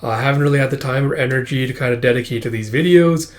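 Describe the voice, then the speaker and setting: A man's voice: mid-range voice, very fast. A young man hosting a casual manga read-through, chatty and full of fillers, raising his voice when he reads the characters' lines. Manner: chatty, many fillers, laughs while reading, raises voice for quoted lines. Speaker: manga reaction host.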